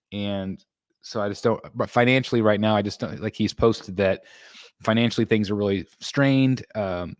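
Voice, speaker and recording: On a laid-back collectors' livestream, the male host works through chat messages, his replies wandering with plenty of ums and false starts. His voice sits on the low side and is slightly mellow, captured at studio quality with no room sound.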